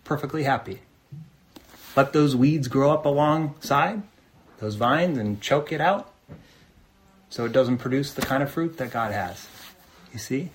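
A man's voice: medium pitch, unhurried, pauses often, slight background noise. A man preaching a sermon in an earnest, conversational way, often asking his listeners rhetorical questions. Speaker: pastor.

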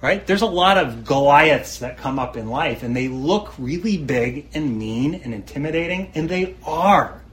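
A man's voice: a little high, animated, unhurried, few pauses, low-quality recording. A man preaching a sermon, reading scripture aloud and then explaining it in an earnest, conversational way, often asking his listeners questions.

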